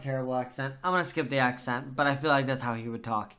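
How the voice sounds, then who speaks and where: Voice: medium pitch, fairly quick, bright, forceful tone. A podcast host in a casual book discussion, talking emphatically and venting strong opinions.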